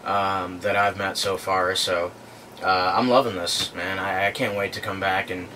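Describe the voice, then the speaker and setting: A guitarist talking casually in an interview, relaxed and rambling with lots of fillers. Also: male voice, deep voice, a little slow, recorded from a distance, noisy background. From born in London, raised in the US. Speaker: band guitarist.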